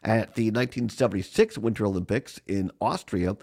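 Chatty man, gravelly husky voice. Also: lowish voice, fairly quick, a little mellow. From Southwest Wisconsin. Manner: chatty, laughs often. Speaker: radio co-host. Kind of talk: morning radio chat. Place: on location at a ski race.

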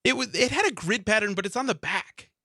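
A man with a high, expressive voice that sounds pushed and bright, speaking a little fast with no echo, co-hosts a studio radio talk show. He tells a chatty story, laughs often, and acts out his own thoughts.

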